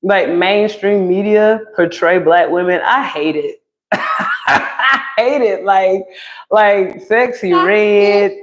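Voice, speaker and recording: A woman's voice: medium pitch, lively intonation, takes it slowly, dull audio. A woman hosting a casual live stream from home, chatting with her viewers and her baby and laughing often. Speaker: livestream host.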